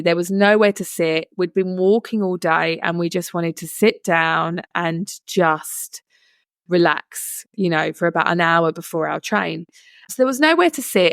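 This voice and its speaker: Gravelly-voiced woman podcast host, chatty. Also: lowish voice, no room sound, clean studio sound. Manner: chatty, earnest, many "you know" asides. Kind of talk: casual storytelling monologue.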